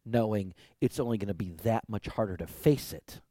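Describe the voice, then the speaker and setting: A male preacher voicing a man in pain who calmly explains why he chooses to suffer. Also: fairly low pitch, moderate pace, no echo, clean studio sound, voice pushed down, close to an everyday voice. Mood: resolute.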